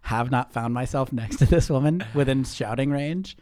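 Animated man telling stories, dry sound. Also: mid-range voice, moderate pace, dry recording. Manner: animated storyteller, mimics voices in quotes. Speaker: podcast host. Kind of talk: casual chat.

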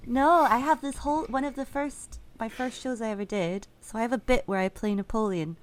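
A woman's voice: a little high, fairly quick. A woman comedian telling a rambling, self-correcting story in casual chat, laughing at her own jokes. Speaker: comedian guest. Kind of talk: casual chat, comic anecdote.

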